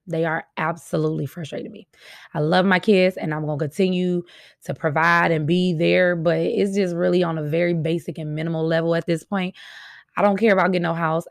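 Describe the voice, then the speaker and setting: A woman's voice: fairly low pitch, creaky, no echo, studio quality. A middle-aged woman, a mother, talking frankly and emphatically to her viewers in a casual venting monologue, repeating her points for stress. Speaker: mother and vlogger.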